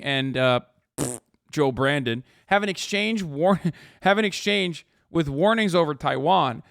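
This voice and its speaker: A man's voice: fairly high pitch, animated, unhurried, creaky, fairly bright tone, no echo, studio quality. A man in his thirties, a live streamer, ranting sarcastically with heavy swearing in casual commentary.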